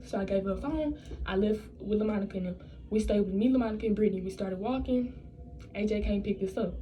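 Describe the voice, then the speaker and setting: A woman's voice: mid-range voice, fast talker, dark tone, a little hiss or hum, poor audio. Profane, rambling young woman telling a story. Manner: blunt, profane, rambling with many restarts. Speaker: vlogger. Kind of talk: casual storytime.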